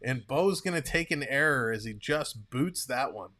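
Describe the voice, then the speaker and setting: A man calling a ball game play-by-play on a live stream, chatting and reading viewer comments between pitches. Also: expressive, normal speed, pushed and bright. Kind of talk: casual play-by-play with chat reading.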